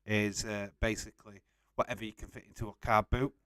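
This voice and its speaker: A man's voice: on the low side, level tone, brisk, a bit bright, dry recording. A young man casually hosting a live stream, reading out and answering chat messages and laughing often.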